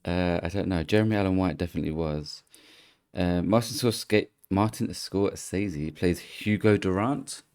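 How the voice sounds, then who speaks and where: A tipsy man with a hoarse voice hosting a casual podcast chat, rambling and stumbling over his words. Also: sits low, normal speed, a little mellow. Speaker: podcast host.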